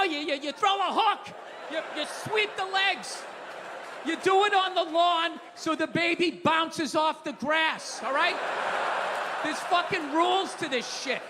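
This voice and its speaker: A man doing a live stand-up routine, loud, sarcastic and profane as he rants on a stage mic. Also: extremely high pitch. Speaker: stand-up comedian. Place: large theater stage before a live audience. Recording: reverberant hall with audience noise.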